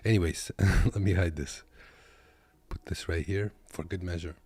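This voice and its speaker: A man's voice: low voice, normal speed, a little mellow, slightly rough, no echo. A man from Kazakhstan who drives trucks, giving laid-back, joking reaction commentary from his desk. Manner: laid-back, joking, talks to viewers as "boys".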